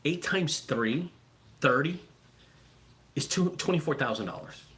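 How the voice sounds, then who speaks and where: Excitable, swearing man with a lively voice. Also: on the high side, unhurried. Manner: excitable, swears freely, repeats words. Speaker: junk removal business owner. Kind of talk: casual profane vlog talk.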